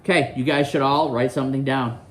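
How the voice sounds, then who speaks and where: A man's voice: mid-range voice, steady tone, brisk, a little hiss or hum. A male teacher reading a novel aloud to his class, quizzing students and explaining the story in a classroom.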